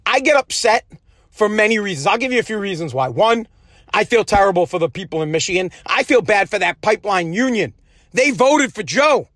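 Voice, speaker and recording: A very high-pitched man tears through a heated podcast rant, cursing freely as he lurches between outbursts and low grumbling. His voice is recorded bone-dry, with no room sound, in a home basement setup. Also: no room sound. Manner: heated, profane, swinging between shouting and muttering. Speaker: podcast host. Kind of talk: angry political rant.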